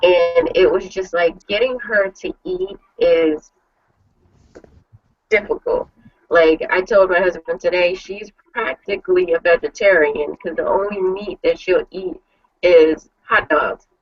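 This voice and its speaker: A woman hosting an online panel show, telling stories in a chatty, animated way full of "like". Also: fairly low pitch, unhurried, recorded from a distance, lo-fi sound. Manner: chatty, animated storytelling with lots of "like". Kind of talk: casual chat.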